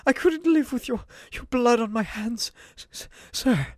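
A man's voice: very high voice, measured pace, no room sound, studio quality, pitched above the performer's own voice. A man voicing a loyal, devoted elderly male butler who stammers and pleads, in a comic recap. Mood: pleading. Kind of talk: comedic comic recap voice acting.

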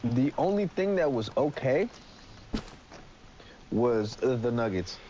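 A man's voice: mid-range voice, big pitch swings, slow, mellow, muffled recording, slight background noise. A young man chatting casually while gaming, telling stories with lots of swearing. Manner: swears a lot, storytelling.

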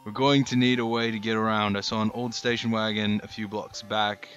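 A man's voice: on the low side, level tone, a little fast, fairly bright tone, highs cut off, soft background music, natural voice. A man voicing a game character, a former priest whose put-on accent keeps drifting. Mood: earnest.

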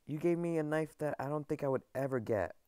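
A man records gameplay commentary in a dry, close-miked sound with no room around his voice. His voice is smooth and clear. He tumbles over his words, stammering and repeating phrases as he talks straight to his viewers. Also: fairly high pitch, brisk, warm tone, no echo. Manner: overexcited, stammering, repeats himself, addresses viewers as guys. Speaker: gaming video creator.

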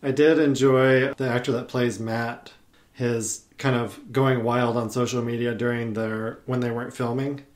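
A man of middling pitch talks as a guest on a podcast. He rambles eagerly, circling back with fillers and restarts as he recalls things, speaking into a podcast microphone. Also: little pitch movement, a little slow. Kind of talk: casual podcast chat.

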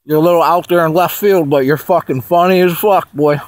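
A man's voice: fairly high pitch, fairly even intonation, a little fast, no room sound. A man telling a dream in a rambling, profane casual monologue, laughing often.

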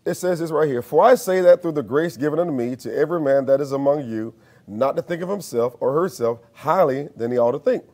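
A man's voice: fairly high pitch, darkish tone. A man preaching a sermon as minister, using call-and-response and rising to emphatic peaks.

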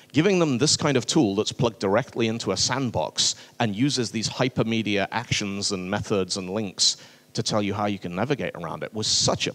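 A man speaking on a conference stage, telling stories and acting out little dialogues as he goes. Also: mid-range voice. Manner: animated, acts out dialogue with voices. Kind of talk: conference talk.

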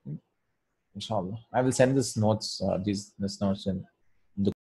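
A man's voice: lowish voice, unhurried, darkish tone, breathy edge. A man teaching an Arabic grammar lesson in English, informal, repeating words and often checking with "right?". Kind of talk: casual online lesson.

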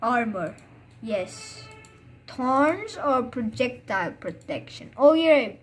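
High-voiced, unhurried gamer woman. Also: soft background music. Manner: excitable, chatty, full of "uh" fillers. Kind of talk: live gameplay commentary.

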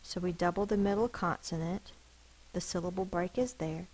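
Her fairly low, slightly mellow voice comes through a rough recording as she teaches a spelling lesson. She patiently sounds words out slowly and with care, explaining the rule behind each sound.

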